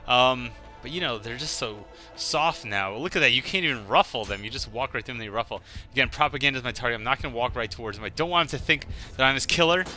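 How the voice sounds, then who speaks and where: Bright-voiced man riffing over gameplay. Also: medium pitch, fast talker, few pauses, soft background music. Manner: rambling, joking storyteller. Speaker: gaming commentator. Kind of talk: casual gameplay commentary.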